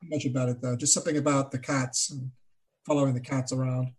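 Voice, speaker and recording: A man's voice: medium pitch, flat delivery, quick pace. A man playing a tabletop horror game, rambling and hesitant, with many fillers. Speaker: player. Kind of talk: in-character tabletop play.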